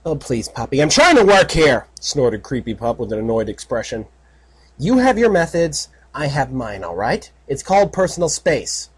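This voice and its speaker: A man's voice: medium pitch, sing-song, moderate pace, husky. A man voicing a smug, sinister female pony creature in a fan audiobook, talking in a sarcastic, offhand way. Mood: annoyed.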